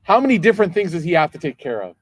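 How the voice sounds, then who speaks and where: A man's voice: a little high, very animated, very fast, breathy edge, dry recording. A man in his thirties giving a religious lecture, telling stories casually and acting out the dialogue. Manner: conversational storytelling, acts out dialogue.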